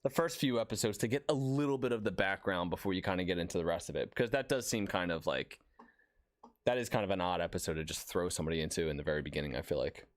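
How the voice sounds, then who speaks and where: A man's voice: low voice, fast, no room sound. A young man from Northeast Philadelphia co-hosting a podcast, rambling in casual chat with lots of fillers. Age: young adult. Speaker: podcast co-host.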